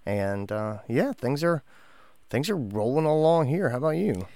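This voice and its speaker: Lively, gravelly-voiced man telling stories. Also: mid-range voice, normal speed, dry recording. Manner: animated storyteller, laughs often. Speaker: podcast co-host. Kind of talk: casual chat.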